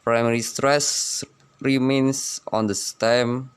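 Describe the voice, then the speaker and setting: A young man student reading a class presentation in a slow, measured way from his notes. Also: medium pitch, little pitch movement, clear, resonant tone.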